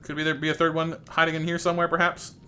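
A man's voice: fairly high pitch, completely flat delivery, rapid-fire, bright, forceful tone, a little hiss or hum. A young man doing playful live gameplay commentary, chatting with viewers by name and coaxing game characters along. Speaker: streamer.

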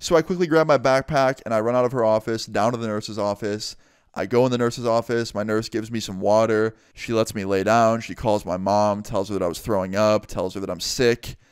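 A man's voice: fairly low pitch, steady tone, a little fast, clean tone, no echo, clean studio sound. A young man casually telling a story-time vlog, swearing freely and acting out the people in it. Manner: casual, swears a lot, acts out every voice. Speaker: vlogger.

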